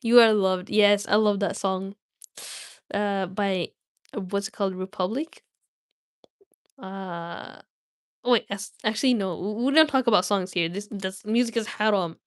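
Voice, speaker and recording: Woman livestream host, mid-pitched, chatty and playful, reads a novel aloud, dry close sound. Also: steady tone, unhurried, long pauses, dry recording. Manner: chatty and playful with viewers, with many restarts. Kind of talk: casual livestream chat and read-aloud.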